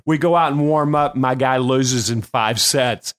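An older man hosting a show as a coach, telling stories in a casual, animated way with bursts of laughter. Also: mid-range voice, unhurried. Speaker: host and performance coach. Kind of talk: casual storytelling.

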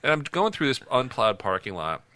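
A man in his thirties co-hosting a podcast, telling a story in an animated, laughing way. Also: mid-range voice, a little fast, no echo. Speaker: podcast co-host. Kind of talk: casual storytelling chat.

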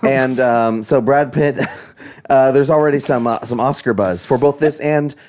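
A man's voice: medium pitch, unhurried, a little mellow. A man co-hosting a casual movie chat, offhand and opinionated. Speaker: podcast co-host.

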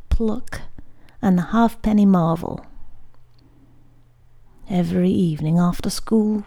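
A woman who hosts a podcast, reading a bedtime story aloud in a soft, often half-whispered way. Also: fairly low pitch, creaky. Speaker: podcast host and reader.

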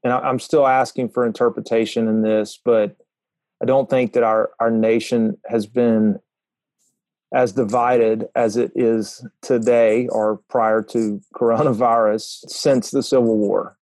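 A man earnestly sharing a spiritual vision in a prayer call, pausing and restarting as he talks. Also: mid-range voice, level tone, darkish tone, no echo, poor audio. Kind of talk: reflective sharing.

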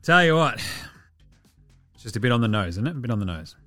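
An Australian man hosting a basketball talk show, chatting casually with profane jokes and quick asides. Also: mid-range voice, big pitch swings, a bit bright, dry recording, faint music behind. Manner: profane, joking, rapid asides. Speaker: basketball podcast host. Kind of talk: casual sports chat.

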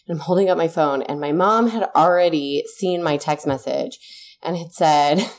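A woman's voice: low-pitched, normal speed. A woman, a mother in her thirties, earnestly telling a personal story in a casual chat, swearing now and then when heated.

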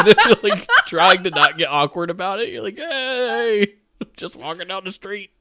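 A man co-hosting a live stream in casual chat, telling animated stories and acting out the people in them. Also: high-pitched, measured pace, no room sound, studio quality. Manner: animated storyteller, acts out quoted people. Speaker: streamer co-host.

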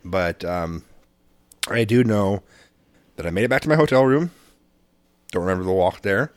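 Casual male co-host, lowish voice, rambling profane anecdotes, dry close mic. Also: moderate pace, dry recording. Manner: rambling, profane storytelling with frequent laughs. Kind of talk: casual chat.

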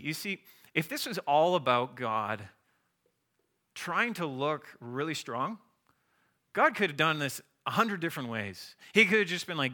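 A man preaching a sermon as a pastor, animated and acting out the voices of biblical figures. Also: on the high side, normal speed.

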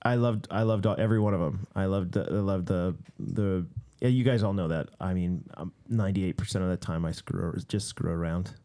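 A ministry leader who co-hosts a podcast chats casually with friends in a low, dark-toned voice, talking fairly quickly with few pauses. He rambles, restarts often, and tells stories punctuated by laughter.

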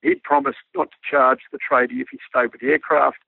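A man with an Australian accent, a former army pilot, telling a lively anecdote and acting out the dialogue. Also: medium pitch, a little fast, creaky, no room sound. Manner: animated yarn-spinning, acts out quoted dialogue. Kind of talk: storytelling anecdote on radio. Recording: narrow phone-like radio line, dry.

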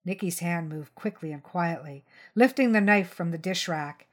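A woman reading a crime short story aloud in first person, steady and tense. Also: on the low side, normal speed. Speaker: story reader.

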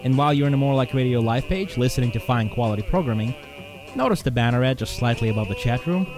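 A man's voice: medium pitch, quick pace, over music. A man reading a scripted station promo in a snarky, bossy tone.

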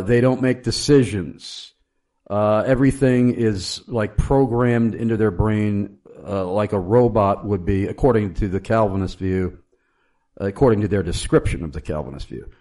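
A man's voice: lowish voice, a little mellow. A man hosting a theological discussion, telling an anecdote with frequent hesitations. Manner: storytelling, frequent uh fillers. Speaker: host.

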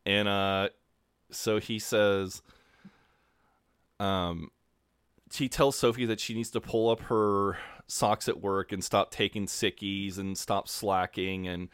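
Man, podcast co-host, low pitch, relaxed chatty delivery, dry sound. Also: slow pace, clear, resonant tone, no echo. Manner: relaxed, many fillers, acts out quotes. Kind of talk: casual chat recapping a TV episode.

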